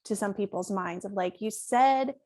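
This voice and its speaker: A woman's voice: medium pitch, normal speed. A woman podcast host affirming her guest and asking a question, with frequent fillers. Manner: warm, affirming, with frequent likes and ums. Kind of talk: interview question.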